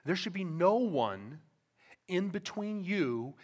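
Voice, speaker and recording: Impassioned high-voiced male preacher. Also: sing-song, slow pace. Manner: impassioned, swings from soft to loud emphasis; conversational asides and rhetorical questions. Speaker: pastor. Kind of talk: sermon. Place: church.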